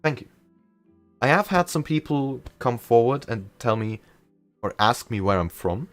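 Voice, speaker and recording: A young man with a slight German accent chats casually while streaming a game live, rambling a bit and often putting himself down. His mid-range voice is expressive and a little slow, with no echo and faint music behind.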